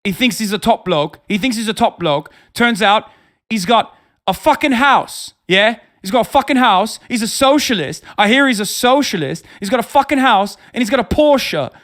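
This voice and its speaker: A man voicing a swaggering, mocking British tough guy in a mock British accent, loud and taunting. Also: sits high, lively intonation, normal speed, pitched above the performer's own voice.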